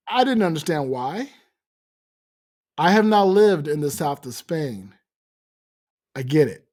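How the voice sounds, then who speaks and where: An American man hosting a podcast, chatting casually and telling animated stories with playful accent mimicry. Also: on the high side, a little slow, long pauses. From United States. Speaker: podcast host. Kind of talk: casual chat.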